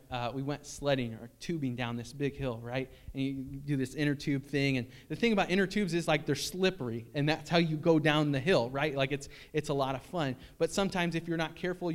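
Earnest conversational male preacher. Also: on the high side. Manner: earnest and conversational, with storytelling and rhetorical questions. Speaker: pastor. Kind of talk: sermon.

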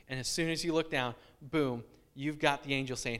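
A pastor preaching a sermon in a casual, animated way, often restarting his sentences as he explains scripture. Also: mid-range voice, moderate pace, few pauses, clean tone.

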